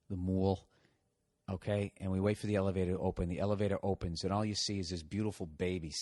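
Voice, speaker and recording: A man's voice: deep voice, a little mellow, dry recording. A middle-aged man hosting a podcast, telling a rambling, self-mocking comic story full of swearing and laughing through it. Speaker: podcast host.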